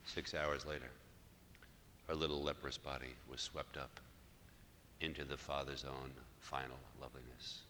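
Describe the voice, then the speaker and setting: Older priest guy in his 60s, deep but bright, big swings from loud to almost whispering, churchy echo. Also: flat delivery, moderate pace, long pauses. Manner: swings from loud emphatic to hushed, near-whispered. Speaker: Catholic priest and speaker. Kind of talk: storytelling sermon. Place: church hall. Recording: live church talk with long reverb and faint noise.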